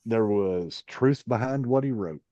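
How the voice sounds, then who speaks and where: A man's voice: lowish voice, expressive, unhurried, warm tone, no room sound. A man on a wrestling chat panel, speaking in a blunt, dry way. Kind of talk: casual chat. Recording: dull lo-fi mic.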